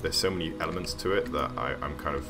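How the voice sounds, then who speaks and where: Streaming casually over background music, a man with an extremely low voice talks fast while building a game level. His rambling story is full of ums and self-corrections.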